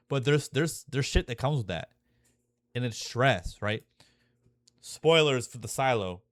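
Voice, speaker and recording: A man's voice: mid-range voice, expressive, measured pace, long pauses, no room sound, clean studio sound. A young man talking casually and profanely, full of fillers and restarts, growing emotional and intense as he goes. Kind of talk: casual rambling monologue.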